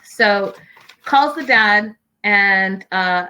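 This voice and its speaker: A woman hosting a casual recap show, reading out viewer comments and giving her own blunt, animated opinions straight to viewers. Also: mid-range voice, drawn-out words, a little hiss or hum, low-quality recording. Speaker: host.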